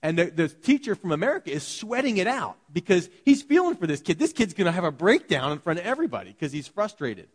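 A man preaching a sermon to his congregation, telling stories in an animated way and acting out the voices of the people in them. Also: sits high, quick pace, few pauses. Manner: animated storytelling, acts out quoted voices. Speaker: pastor. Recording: long hall reverb.

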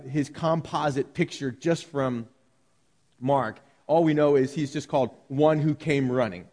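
A man preaching a sermon, moving between lively storytelling and calm Bible teaching to a congregation. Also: medium pitch. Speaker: pastor. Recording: long hall reverb.

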